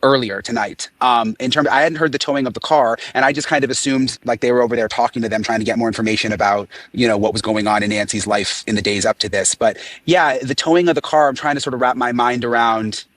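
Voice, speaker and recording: A man reporting on a breaking case, speaking quickly with a doubtful tone. The sound is dry and close, and he often trips over the start of a sentence as he thinks aloud. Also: mid-range voice, steady tone, fairly bright tone, dry recording. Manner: quick, skeptical, stumbling restarts. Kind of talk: casual discussion of a news case.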